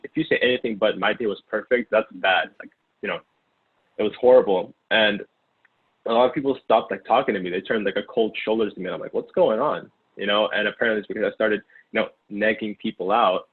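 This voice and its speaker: A man in his twenties, originally from Ukraine, tells his story quickly and loosely, full of fillers and restarts. His voice is somewhat low and husky. The sound is narrow and tinny, like a phone line. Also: fairly even intonation. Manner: rambling, many fillers and restarts. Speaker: guest, former sales intern. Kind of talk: casual interview storytelling.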